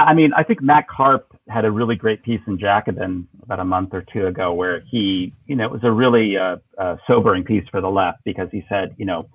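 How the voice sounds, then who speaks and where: Over a tinny, dry phone line with no echo, a lowish-voiced man speaks as an interview guest. He discusses politics thoughtfully but hesitantly, with many fillers and restarts.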